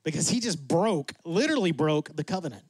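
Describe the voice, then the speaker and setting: A man preaching with a high voice and lots of energy. He acts out God and Moses in quick asides. The sound is dry and close. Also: animated, husky, no room sound. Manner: drops to a soft, low voice for emphasis. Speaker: pastor. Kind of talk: sermon.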